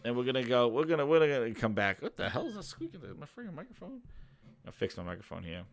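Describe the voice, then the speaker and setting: A man runs his own gaming channel and delivers a casual, rambling reaction rant full of swearing and laughter. He talks quickly, at medium pitch, in a sing-song way.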